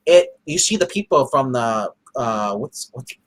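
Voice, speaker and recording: Male co-host, casual review chat, excitable, rambling, average pitch. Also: a little slow. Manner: excitable, rambling, full of restarts.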